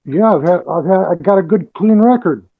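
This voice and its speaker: A man defending himself at a court hearing, defiant and halting, full of restarts. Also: high voice, narrow, tinny audio. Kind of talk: testifying in court.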